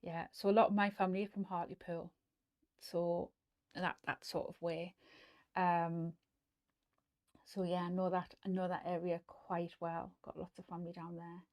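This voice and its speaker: A chatty woman with a Geordie accent hosts a relaxed sewing live stream, rambling through viewer comments with plenty of ums and restarts. Her voice sits a little low, and she often drops to a soft near-whisper. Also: moderate pace. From North East England.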